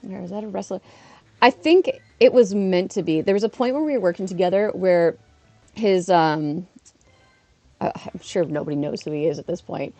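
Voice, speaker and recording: A chatty woman in her thirties streams a mobile game and rambles through asides. She laughs easily, and her voice sits mellow and warm on a dry, close mic. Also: medium pitch, creaky, dry recording. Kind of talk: casual live-stream chat while gaming.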